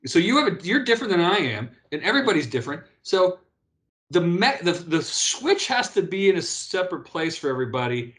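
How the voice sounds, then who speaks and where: A man's voice: high voice, brisk. A man in his fifties, a guest in a casual interview, telling stories with lots of restarts and "right?" tags. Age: 50s. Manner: animated storyteller, frequent restarts and "right?" tags. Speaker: guest, former pro beach volleyball player.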